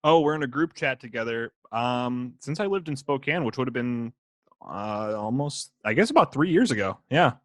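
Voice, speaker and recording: Man, goofy podcast co-host, bouncy animated delivery, dry close mic. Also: mid-range voice, moderate pace, no echo. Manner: goofy, playful, sings and barks. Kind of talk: casual podcast chat.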